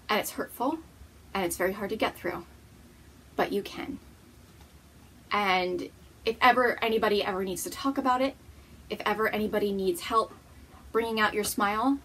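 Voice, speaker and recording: A woman's voice: mid-range voice, slight background noise. A woman hosting a knitting podcast, talking casually to camera in an earnest, encouraging way, and cooing to her pet.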